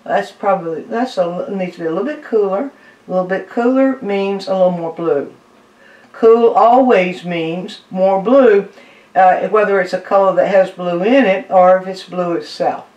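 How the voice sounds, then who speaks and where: A woman art teacher talks through a painting demonstration, calm and step by step. Her voice sits in the middle of the range and comes from a little way off the mic. The room around her rings with echo. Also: medium pitch, distant mic, lo-fi sound. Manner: unhurried, explaining step by step while mixing paint.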